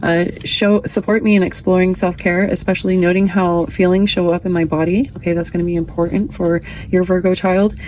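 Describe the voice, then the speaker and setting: Casting: woman in her thirties, lower voice, relaxed chatty card reader, faint hiss behind. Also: fairly quick, hardly any pauses, poor audio. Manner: chatty, reads card text aloud, laughs often. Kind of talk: casual tarot reading.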